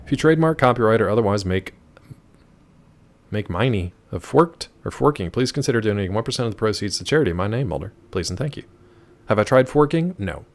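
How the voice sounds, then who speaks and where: A man's voice: on the low side, lively intonation, fast. A man streaming a video game live, chatting casually and answering his chat with wry asides.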